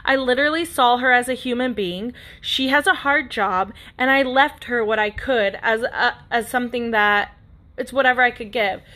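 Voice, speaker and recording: A woman in her thirties talks through a personal story on her podcast, earnest and rambling, often restarting her sentences. Her voice is bright and sits a little high. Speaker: podcast host. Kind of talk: casual personal monologue.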